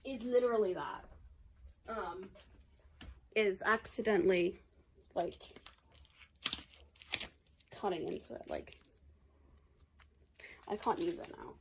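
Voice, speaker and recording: A woman's voice: mid-range voice, animated, slow, creaky, pauses often, a little hiss or hum. A young woman chatting casually at home as she unboxes items. Her talk rambles and is full of "like". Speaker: YouTuber. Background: faint crinkling of packaging.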